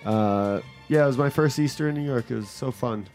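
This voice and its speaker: A man's voice: mid-range voice, brisk, loud music behind the voice. A laid-back man hosting a comedic radio talk show, laughing often and trailing off with fillers. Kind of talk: casual comedic chat.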